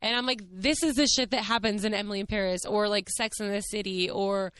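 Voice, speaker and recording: Gushing young woman, smooth voice. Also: mid-range voice, brisk. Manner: gushing, excited, peppered with "like" and "what is happening". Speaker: podcast host. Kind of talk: casual storytelling monologue.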